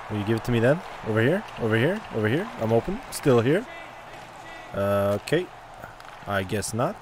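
A man riffing loosely over a hockey game he is playing, cheering, groaning and trash-talking the players as they go. His voice sits in a middle register, with clear background noise running under the recording. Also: medium pitch. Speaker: gaming commentator. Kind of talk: casual gameplay commentary.

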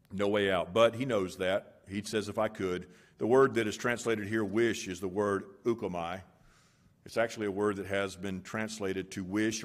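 A male pastor preaching an expository sermon in a church. He explains Greek words and swings between loud emphatic lines and hushed ones. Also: on the low side.

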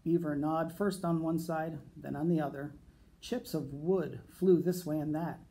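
A male teacher reading a picture book aloud to children, gentle and unhurried. His voice has a gravelly, mellow quality, and he takes his time with each line. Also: a little high, steady tone. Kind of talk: storybook read-aloud.

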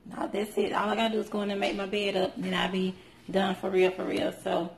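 A woman's voice: medium pitch, level tone, fairly quick. A woman in her thirties chatting casually to her viewers in a family vlog, talking from a moving car. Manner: chatty, talks to viewers as "you guys" and "y'all". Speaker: vlogger, mother. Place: inside a car outdoors. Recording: loud road noise in a car. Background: car and road noise.

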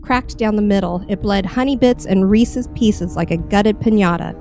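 A woman reading a horror story with measured, expressive narration. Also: mid-range voice, faint music behind. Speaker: story reader.

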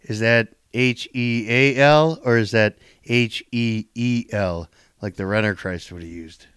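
A man's voice: medium pitch, unhurried, a bit bright, smooth, dry recording. A man hosting a wrestling podcast, asking questions in casual chat with dry joking asides. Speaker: podcast host, pro wrestler.

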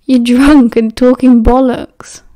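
A woman's voice: a little high, little pitch movement, measured pace, warm tone, lightly acted. A woman voicing a wry, caring teenage boy wizard in an audiobook, with a dry, teasing delivery.

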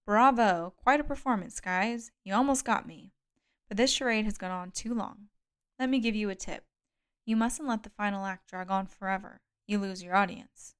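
A woman's voice: medium pitch, steady tone, moderate pace, clean tone, close to an everyday voice. A woman reading an audiobook, voicing a desperate man who protests and pleads with rising anger. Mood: forced bravado. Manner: pleading, outraged, rising to shouts. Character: desperate middle-aged man, the narrator-hero.

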